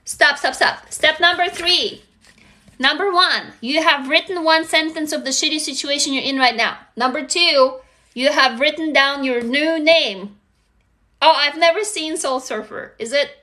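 A woman's voice: high-pitched, a little slow, sharp tone. A woman hosting a casual live stream, reading out viewer comments and coaching them through steps with upbeat, profane energy. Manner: upbeat, reads out viewer comments, swears freely. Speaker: live stream host leading a writing exercise.

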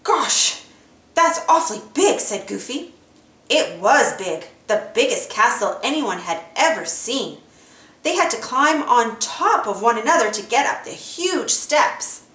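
Woman storybook reader for children; expressive read-aloud, roomy sound. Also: a little high, measured pace.

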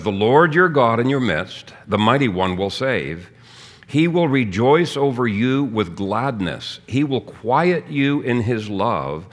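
A man's voice: lowish voice, a bit bright. A man preaching a sermon as pastor, teaching earnestly and reading out scripture. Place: church.

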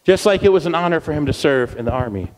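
An energetic man leads a church crowd through chants and call-and-response in a high, bright voice that swoops up and down. His words ring out with a long reverb through the church hall. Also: quick pace. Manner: energetic and playful, leading the crowd in repeated chants. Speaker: guest speaker at a church service.

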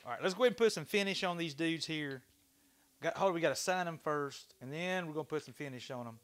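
A man hosting a casual livestream from his workshop, chatty and excitable, swearing casually as he talks to viewers. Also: on the high side, fast. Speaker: livestream host. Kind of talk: casual livestream chat while woodturning.

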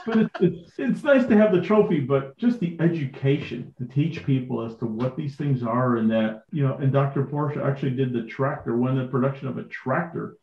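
Animated man telling stories, echoey audio. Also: mid-range voice, moderate pace, lo-fi sound. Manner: animated anecdote-telling with quoted dialogue. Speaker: podcast guest, tractor collector. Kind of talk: casual storytelling.

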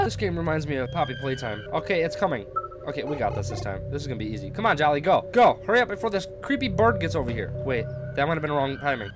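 A man's voice: on the high side, very animated, fast talker. A man doing horror game commentary, animatedly bossing around his drone and shrieking when scared. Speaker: gaming YouTuber. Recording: music playing behind voice. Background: game music.

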